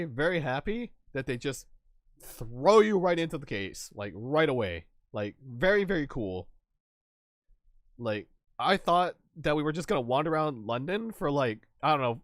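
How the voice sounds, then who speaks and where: Lively rambling young male streamer. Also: medium pitch, no echo, studio quality. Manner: rambling, laughs, swears, acts out quotes. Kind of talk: casual gaming stream chat.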